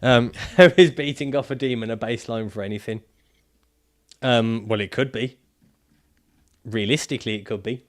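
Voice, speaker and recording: A man's voice: medium pitch, moderate pace, long pauses. A man livestreaming casually, reading out viewer comments and answering them in a jokey, profane way and laughing often.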